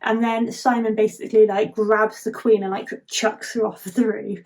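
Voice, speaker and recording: A woman's voice: mid-range voice, level tone, moderate pace, darkish tone. A woman vlogger chatting casually as she retells a film plot, giggling and leaning on the filler "like".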